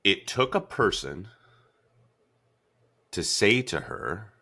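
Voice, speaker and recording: A man hosting a podcast, retelling a story in a casual, animated way with lots of "like" fillers. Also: fairly low pitch, slow, slightly rough. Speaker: podcast host.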